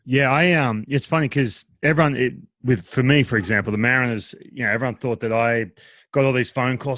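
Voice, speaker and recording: A man's voice: mid-range voice, fairly quick, fairly bright tone, no echo. A man hosting a casual interview, chatty and telling stories with quoted asides. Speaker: podcast host, former pitcher.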